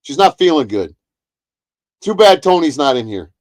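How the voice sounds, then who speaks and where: A man's voice: fairly high pitch, big pitch swings, moderate pace, darkish tone. A man ranting heatedly on a livestream, profane and repetitive. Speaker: streamer. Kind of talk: angry livestream rant.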